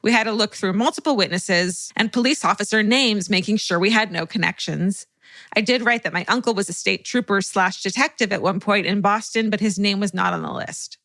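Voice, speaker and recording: A young adult woman co-hosting a podcast, reading listener stories aloud with an animated, swearing, laughing manner. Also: mid-range voice, fairly quick, dry recording. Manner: animated storyteller, swears freely, laughs often. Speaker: podcast co-host.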